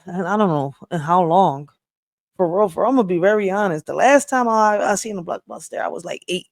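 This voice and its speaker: Excitable Philly reaction host, dry close sound. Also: medium pitch, dry recording. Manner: loose, profane, excitable. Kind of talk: casual reaction commentary.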